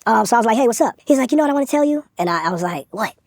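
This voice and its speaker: A man's voice: very high-pitched, animated, rapid-fire, darkish tone. A man in a casual interview, telling stories in a brash, profane, boastful way. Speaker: interview guest.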